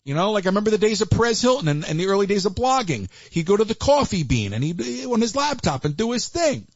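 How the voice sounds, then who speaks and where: A man hosting a live call-in stream, chatty and animated, with Yiddish asides. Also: high-pitched, fast talker, gravelly, no room sound. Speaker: livestream host taking calls. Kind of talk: casual chat. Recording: dull lo-fi livestream audio.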